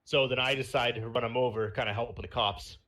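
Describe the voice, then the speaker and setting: Bright-voiced young man telling a rambling story. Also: medium pitch, steady tone, fairly quick. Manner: rambling storytelling with fillers and laughs. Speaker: podcast host. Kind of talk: casual chat.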